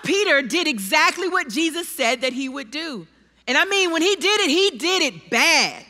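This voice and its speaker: A woman preacher delivers an animated, self-deprecating sermon and dips into dramatic scripture readings. Her voice sits high and rises and falls a lot. Her stage mic carries a long reverb from a large church hall.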